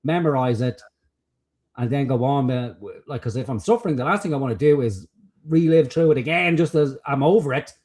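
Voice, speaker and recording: A man's voice: mid-range voice, fairly quick, darkish tone. A man co-hosting a casual reaction chat, swearing, mocking and laughing often. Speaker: co-host.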